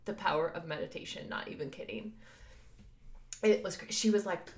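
Brief: lively woman podcaster, storytelling with laughs, roomy echo. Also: fairly low pitch, normal speed, long pauses. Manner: animated, laughing, acts out voices of others. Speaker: podcast co-host. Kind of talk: casual storytelling chat. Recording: echoey room.

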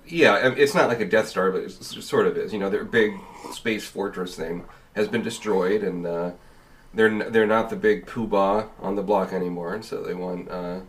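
Male podcast co-host, lowish voice, hesitant and casual, a bit off-mic. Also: moderate pace, distant mic. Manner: hesitant, with stammered restarts. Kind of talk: casual review chat.

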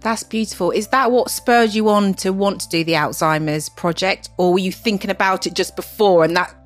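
A woman hosting a podcast, interviewing guests and reading measured scripted narration. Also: medium pitch, soft background music. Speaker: podcast host.

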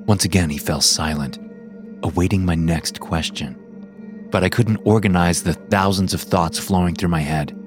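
A man with a very deep voice tells a first-person horror story, keeping it low, measured and tense. Faint music plays beneath him. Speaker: narrator.

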